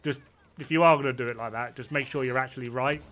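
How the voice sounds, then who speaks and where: Bright-voiced, blunt man in his thirties. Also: mid-range voice, steady tone, fast talker, slight background noise. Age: 30s. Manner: blunt, sweary and rambling. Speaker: player. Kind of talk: casual gaming chat.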